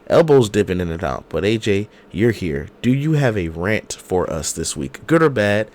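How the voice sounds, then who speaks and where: A man with a cold co-hosts a podcast over a video call. His voice comes out hoarse and a bit low is clear as he tells a slangy, animated story. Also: moderate pace. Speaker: podcast co-host. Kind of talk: casual chat.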